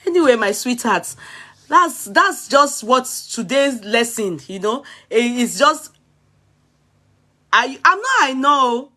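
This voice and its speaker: A woman's voice: on the high side, big pitch swings, slow, pushed and bright. A Nigerian woman vlogger with a Yoruba-tinged accent, telling a comic childhood story in Pidgin, acting out the crying and laughing often.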